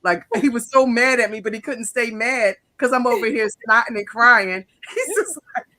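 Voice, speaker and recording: A woman co-hosting a talk show, telling a story in a lively way with frequent laughter. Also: on the high side, moderate pace. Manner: animated storyteller, laughs often. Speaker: co-host. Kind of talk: casual chat.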